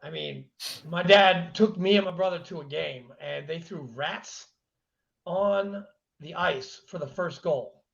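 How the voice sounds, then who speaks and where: A man's voice: fairly high pitch, slow, gravelly, fairly bright tone, lo-fi sound. A man hosting a podcast in casual chat, joking loosely and swearing freely. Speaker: podcast host.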